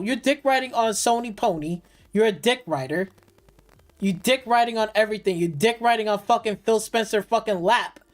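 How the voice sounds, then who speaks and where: A woman streamer delivering heated, profane gaming commentary on a live stream, repeating and restarting phrases as she rants. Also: fairly high pitch.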